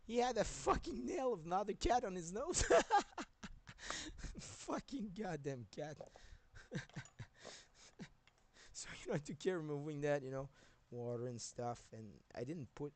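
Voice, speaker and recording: Male streamer, rambling casual storyteller who laughs and swears a lot. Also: brisk. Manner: rambling, repeats himself, laughs often, swears; grows loud and high-pitched when excited.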